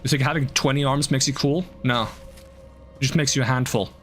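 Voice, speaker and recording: A man's voice: mid-range voice, fairly even intonation, fairly quick, faint music behind. A man streaming a video game, playfully joking, teasing the enemies and chatting to himself as he plays. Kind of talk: live gameplay commentary.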